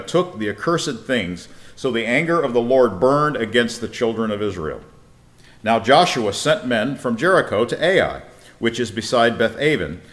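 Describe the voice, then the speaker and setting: A male Bible teacher delivering a casual sermon at an ordinary middle pitch. He reads passages aloud and then stops to put rhetorical questions to his listeners. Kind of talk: conversational sermon.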